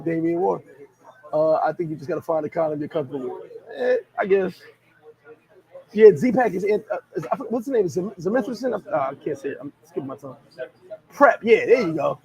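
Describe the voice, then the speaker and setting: Guy, high gravelly voice, super animated, swoops all over, laughing and reacting to comments. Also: rough recording. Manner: animated, laughing, slangy storytelling. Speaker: vlogger reading viewer comments. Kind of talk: casual chat.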